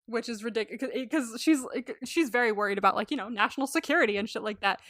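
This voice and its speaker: A woman's voice: a little high, fast, fairly bright tone, no echo, clean studio sound. A woman co-hosting a podcast, recapping a story in casual chat, swearing freely, laughing often and acting out the lines she quotes. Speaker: podcast co-host.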